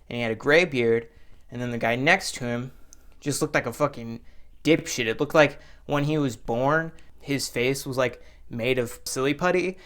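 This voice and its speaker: A young man telling a comedic story as a vlogger, rambling and profane, with bursts of loud exaggerated voices. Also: a little high, clean tone.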